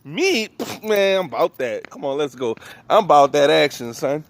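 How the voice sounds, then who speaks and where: A man from New voicing a schoolboy who acts tough and then sobs and begs in high wailing shouts. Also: sing-song, normal speed, no echo. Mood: cocky. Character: cocky schoolboy who breaks down sobbing.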